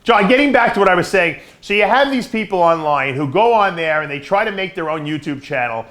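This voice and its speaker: A man hosting a casual podcast, asking questions and sharing opinions enthusiastically. His pitch moves around a lot and sits fairly high. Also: animated, fairly quick, fairly bright tone. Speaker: podcast host.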